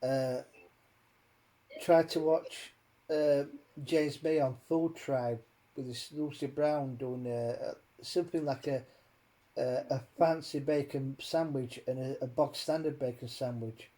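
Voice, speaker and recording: A man's voice: mid-range voice, fairly even intonation, slow, mellow. A man hosting a casual chat, rambling and swearing as he rants with many fillers. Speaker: host.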